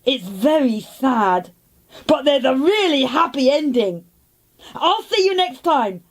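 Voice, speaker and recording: A woman's voice: high-pitched, sing-song, slow, exaggerated voice. A woman voicing an eager young boy who tells a children's church lesson in a childlike, storytelling way.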